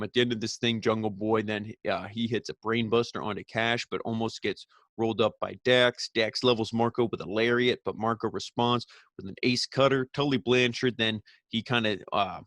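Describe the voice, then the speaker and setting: A man with a lowish voice talks through a wrestling show recap, rambling and opinionated, stopping and restarting his thoughts. The recording is dry and close, with no room sound around him. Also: a bit bright, no room sound. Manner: rambling, opinionated, frequent fillers.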